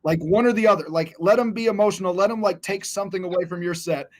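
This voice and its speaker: A man's voice: sits high, quick pace. A man and comedian co-hosting, telling stories in casual podcast chat, keen and peppered with "dude". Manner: excited, punctuates with "dude". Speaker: comedian co-host.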